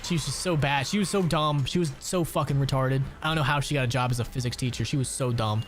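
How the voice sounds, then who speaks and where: A man's voice: medium pitch, fast. A man in his twenties, a gaming streamer, chatting casually during gameplay, rambling and swearing a lot with frequent laughs. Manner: rambling, profane, laughs often. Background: background music.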